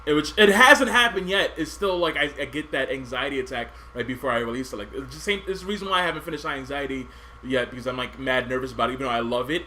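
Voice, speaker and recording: A man's voice: mid-range voice, fast talker, bright, forceful tone, slight background noise. A man hosting a podcast, bantering and joking with casual profanity. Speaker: podcast host.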